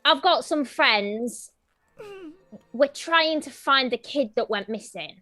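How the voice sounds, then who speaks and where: A woman playing a blunt, tough young adventurer with gruff, slangy talk. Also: sits high, expressive, slow, bright, forceful tone, soft background music, heavily acted.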